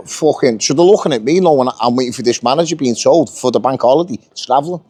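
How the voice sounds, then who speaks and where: A man's voice: mid-range voice, fast, mellow, slightly rough, no room sound. Blunt, swearing British man. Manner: blunt, heavy swearing, acts out quoted dialogue. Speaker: union member telling his story. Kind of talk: casual storytelling.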